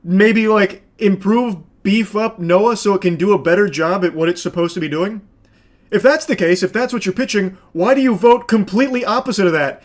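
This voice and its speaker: A man's voice: high voice, moderate pace. A man streaming casual reaction commentary, sarcastic and exasperated, swearing often as he picks apart a clip.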